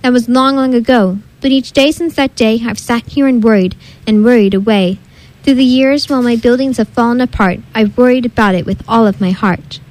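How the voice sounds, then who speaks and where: A woman's voice: on the high side, fairly quick, darkish tone, poor audio. A woman reading a rhyming storybook aloud with a rhythmic, sing-song delivery. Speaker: reader. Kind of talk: storybook read-aloud in rhyme.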